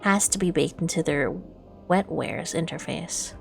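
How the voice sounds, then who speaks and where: Woman doing a quiet nervous gang doc on a call, low gravelly voice. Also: a little slow, faint music behind. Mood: hushed. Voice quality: hushed, quiet.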